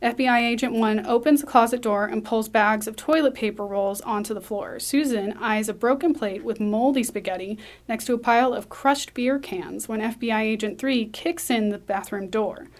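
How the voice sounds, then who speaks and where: A woman reading a screenplay aloud, brisk, with small slips and restarts. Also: a little high. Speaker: script reader.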